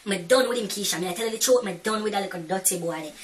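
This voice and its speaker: A woman playing a brash young Jamaican woman in a comedy sketch, gossiping in loud, sassy patois, recorded from a distance off the mic. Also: mid-range voice, rapid-fire, heavy background noise, lightly acted. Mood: gossipy.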